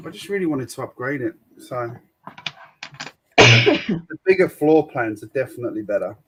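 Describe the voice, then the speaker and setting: A man's voice: medium pitch, sing-song, measured pace, a loud crowd, low-quality recording. A man hosting a livestream, chatting casually and matter-of-factly while building, with a dry humour. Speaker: host.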